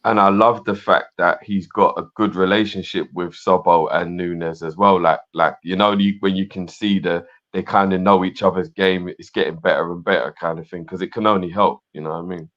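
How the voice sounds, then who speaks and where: A man's voice: low voice, fairly even intonation, a little fast, few pauses, fairly bright tone, highs cut off. A man co-hosting a casual live stream, rambling and repeating words as he talks. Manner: rambling, repeats words, fond of filler phrases. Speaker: co-host.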